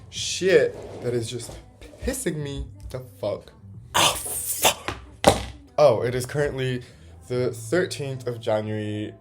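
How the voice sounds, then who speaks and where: Male vlogger, heated storytime rant, profane and exasperated, mid-pitched voice, faint music underneath. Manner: swearing, exasperated, quotes texts in mocking voices.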